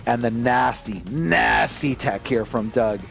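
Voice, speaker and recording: A man commentating a fighting game tournament live, excitable and rambling, with frequent restarts. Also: mid-range voice, slow, creaky, soft background music. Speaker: esports commentator.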